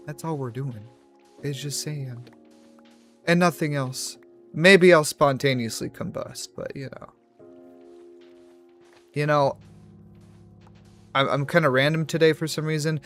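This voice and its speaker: A man's voice: medium pitch, steady tone, slow, pauses often, a bit bright, dry recording. Young male streamer, chatty and self-deprecating, drifting between tangents over faint music. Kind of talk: casual livestream chat while gaming.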